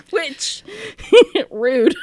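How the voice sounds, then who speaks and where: Lively woman telling a story. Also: high-pitched, very slow, slight background noise. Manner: animated storytelling, laughs often. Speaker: podcast co-host. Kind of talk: casual chat, retelling and reading a diary entry.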